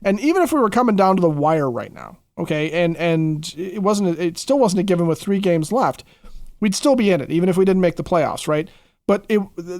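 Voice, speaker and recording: High-pitched guy rambling on a sports podcast, dry close mic. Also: no room sound. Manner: rambling, reflective, lots of restarts. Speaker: podcast co-host. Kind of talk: casual sports podcast chat.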